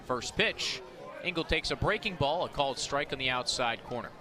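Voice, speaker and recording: A man calling live baseball play-by-play, rattling off pitches and counts, rising to shouts on big plays. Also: animated, normal speed. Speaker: play-by-play announcer. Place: outdoor ballpark broadcast booth. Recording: outdoor ballpark crowd behind. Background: ballpark crowd.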